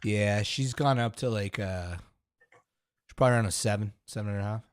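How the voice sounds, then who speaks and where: A man co-hosting a podcast, loud and laughing, swearing through casual banter. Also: fairly low pitch, normal speed, clear, resonant tone, no room sound, clean studio sound. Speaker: podcast co-host.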